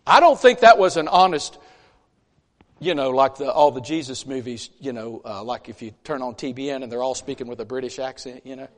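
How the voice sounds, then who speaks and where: A man preaching a conversational sermon in a church, folksy and animated, with chatty asides between scripture readings. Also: mid-range voice, brisk. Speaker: pastor. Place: church sanctuary. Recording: long church reverb.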